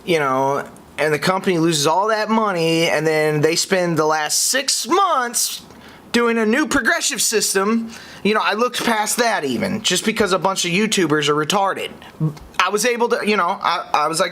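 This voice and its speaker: Animated young man podcasting. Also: normal speed. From United States. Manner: exasperated, swinging between high outbursts and low muttering. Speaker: podcast host. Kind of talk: casual podcast reaction.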